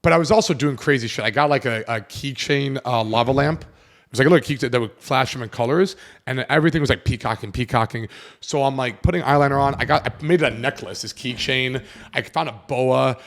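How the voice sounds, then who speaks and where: A man in his twenties hosting a podcast, telling a personal story in a casual, animated way and acting out the voices of the people in it. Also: medium pitch, fast talker. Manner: animated, acts out quoted voices, swears casually. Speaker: podcast host.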